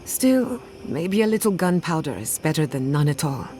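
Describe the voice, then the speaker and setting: A woman's voice: sits low, big pitch swings, normal speed, mellow, soft background music. An actress voicing a scholarly female companion in a video game, who speaks with dry, skeptical asides. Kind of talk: video game character dialogue.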